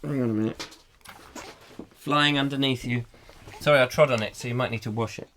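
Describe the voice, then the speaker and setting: A man with a sore, croaky throat, co-hosting a comic live chat show, rambling playfully as he reads out viewer comments. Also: medium pitch, fairly even intonation, fairly quick, a bit bright. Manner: rambling, playful and absent-minded. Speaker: co-host. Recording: live stream with clear background noise.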